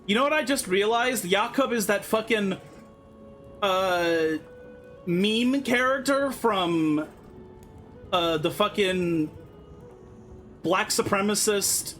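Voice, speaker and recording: A game streamer giving casual let's-play commentary, animated, with swearing and laughing asides. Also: mid-range voice, takes it slowly, long pauses, soft background music.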